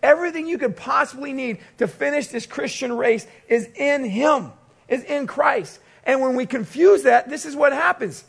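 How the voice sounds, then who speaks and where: A man pastor preaching a sermon, telling a personal story with animated storytelling and quoted voices. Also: very high-pitched, moderate pace, creaky.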